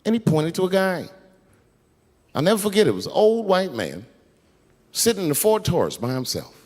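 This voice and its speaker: Animated husky male comedian onstage. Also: high-pitched, moderate pace. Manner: animated, profane, acts out scenes. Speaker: stand-up comedian. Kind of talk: stand-up storytelling. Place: comedy stage. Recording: echoey live venue.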